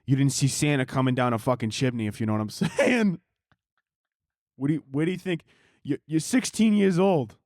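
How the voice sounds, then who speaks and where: A man's voice: medium pitch, normal speed, a little mellow, dry recording, clean studio sound, lightly acted. A man voicing a foul-mouthed older Santa Claus with a Brooklyn accent, brash and boastful. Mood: crude bragging.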